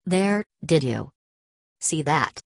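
A woman voicing a determined young man who gives urgent, forceful orders in a storybook reading. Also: low-pitched, lively intonation, slow, vocal fry, no room sound, heavily acted.

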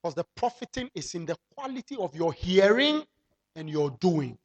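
Animated preacher. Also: medium pitch, husky, lo-fi sound. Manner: animated, fires rhetorical questions at the congregation; drawls key phrases slowly for emphasis. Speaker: pastor. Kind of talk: sermon.

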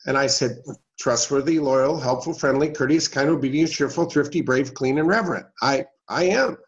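A middle-aged man appearing as a guest shares a homespun story from his own life and voices the characters as he goes. He speaks a little fast at a medium pitch with fairly even intonation, captured in dull lo-fi audio.

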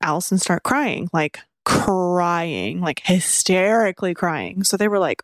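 A young woman recounts a spooky family story in a relaxed podcast chat. She talks fast and loose, full of "like", and jumps into little acted-out quotes. The sound is dry and close. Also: fairly low pitch, no room sound. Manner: animated, acts out quotes with lots of "like". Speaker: podcast co-host.

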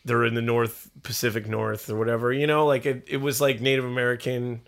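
A man co-hosting a podcast, chatting casually about a movie, excited and profane, rambling with restarts. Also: mid-range voice, brisk, vocal fry. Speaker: podcast co-host. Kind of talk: casual movie-review chat.

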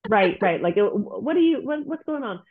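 A woman's voice: medium pitch, sing-song, a little fast. A woman guest, a therapist, speaking earnestly in casual interview talk and acting out her clients' voices. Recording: tinny phone-like line.

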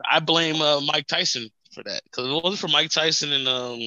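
A man with a very bright, forward voice, recorded close and dry with no room sound. He rambles through a casual chat, stumbling and restarting, laughing often. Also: fairly high pitch, brisk, no echo, low-quality recording. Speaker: podcast co-host.

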